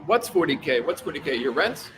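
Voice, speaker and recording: A man's voice: on the high side, big pitch swings, brisk, noisy background. A man hosting a casual livestream, reading out chat and rambling through his opinions with many fillers.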